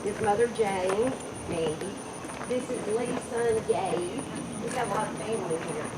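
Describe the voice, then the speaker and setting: A woman's voice: mid-range voice, measured pace. A woman introducing her relatives one by one at an outdoor ceremony, chatty and familiar. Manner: listing names, chatty and familiar. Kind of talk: informal introductions at a public event. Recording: distant, echoey outdoor recording with loud background noise.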